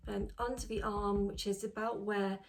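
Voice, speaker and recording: Woman coaching gentle tapping steps. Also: mid-range voice, flat delivery, normal speed, vocal fry, slight background noise. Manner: gentle, reassuring, step by step. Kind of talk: instructional tutorial.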